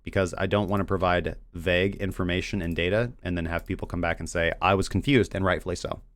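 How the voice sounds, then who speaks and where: A man's voice: low-pitched, fairly even intonation, fast, dry recording. A man hosting a crypto trading show, talking casually and bluntly about chart analysis and mocking vague analysts. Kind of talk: casual livestream trading commentary.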